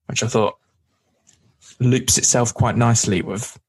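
A man's voice: medium pitch, steady tone, unhurried, breathy edge. A man co-hosting a casual podcast, recapping an episode with a chatty, easygoing manner and frequent laughs. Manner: chatty, laughs often, does brief voices. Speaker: podcast co-host.

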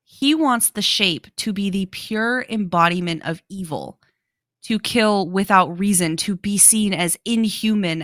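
A young woman with a bright, forward voice lays out a film's story in casual podcast chat. The sound is dry and close, with no room around it. She explains at length and walks through scenes beat by beat. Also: fairly low pitch, no room sound. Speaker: podcast co-host. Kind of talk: casual movie discussion.

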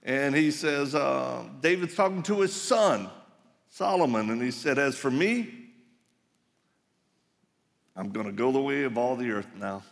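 Gravelly man preaching in a hall. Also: mid-range voice, measured pace, pauses often. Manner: folksy storytelling with laughs and asides. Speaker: conference speaker. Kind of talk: live sermon to men. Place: large hall, live audience. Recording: reverberant hall.

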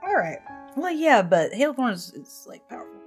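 A woman playing a tabletop game on a podcast, giggly and excitable as she takes her turn. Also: on the high side, moderate pace, faint music behind. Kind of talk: actual-play podcast banter.

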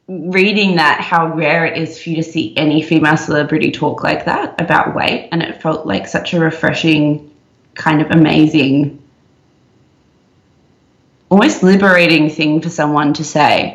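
A young woman co-hosting a podcast, chatting casually and emphatically, talking in quick bursts. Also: low voice, creaky. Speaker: podcast co-host. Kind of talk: casual chat. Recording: muffled, roomy sound.

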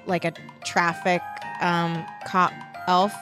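A woman's voice: fairly low pitch, flat delivery, takes it slowly, music in the background. A woman playing an improvised tabletop game, hesitant and full of ums. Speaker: player.

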